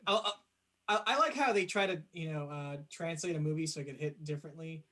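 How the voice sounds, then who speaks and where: A young man with a high voice co-hosting a casual podcast. He is eager and chatty and laughs easily as he talks. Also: a little fast, bright, forceful tone. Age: young adult. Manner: enthusiastic, laughs often. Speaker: podcast co-host. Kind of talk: casual chat.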